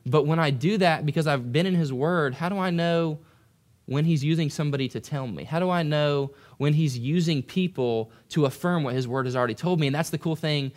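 A young man preaching a conversational sermon, animated and acting out quoted voices. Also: a little high, brisk. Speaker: pastor.

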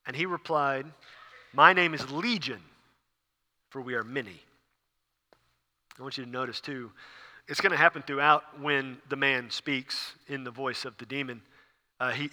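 A man's voice: medium pitch, bright, forceful tone, long reverb tail. A man preaching a sermon, explaining a passage with frequent fillers and restarts. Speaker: pastor.

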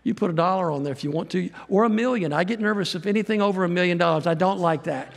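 This is a middle-aged man with a high, gravelly voice who talks fast, preaching as a guest missionary in a church. His sermon rambles in a folksy way with self-deprecating remarks, and the sanctuary's long reverb carries through the recording.

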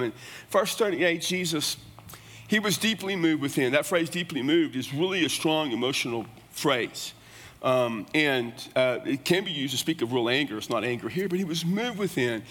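A man's voice: a little high, a bit bright, husky. A man preaching a sermon in a folksy, conversational way. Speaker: pastor. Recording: long reverb of a large hall.

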